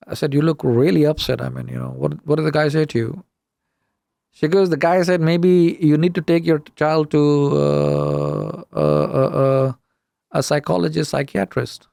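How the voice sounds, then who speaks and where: A middle-aged man from the UK, talking as a guest on an interview podcast. His voice sits slightly high and has a gravelly edge, and the room sound is dry and close. He tells stories with animated, indignant emphasis and acts out each side of the dialogue. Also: moderate pace, dry recording. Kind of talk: casual storytelling interview.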